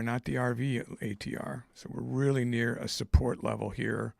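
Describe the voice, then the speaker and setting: A man giving live trading commentary. He thinks aloud in a halting way, with many fillers. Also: medium pitch, steady tone, vocal fry, no echo. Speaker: trader streaming live.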